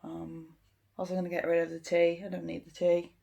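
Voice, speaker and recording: A woman giving an informal language lesson, explaining step by step in an unhurried way with frequent ums. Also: lowish voice, completely flat delivery, vocal fry, warm tone. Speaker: English teacher.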